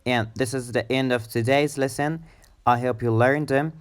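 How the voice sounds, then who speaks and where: A man's voice: medium pitch, steady tone. A man teaching an English pronunciation lesson, saying each word several times in a row for the learner to repeat. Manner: slow, drilling words with repetition.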